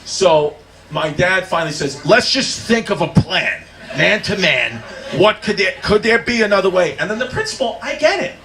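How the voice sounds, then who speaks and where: A man doing stand-up, telling a story loudly with frequent laughter and a drunken slur. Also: high-pitched, very animated, normal speed, slight background noise. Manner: loud, laughing, drunken delivery. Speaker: stand-up comedian. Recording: comedy club recording with ambience.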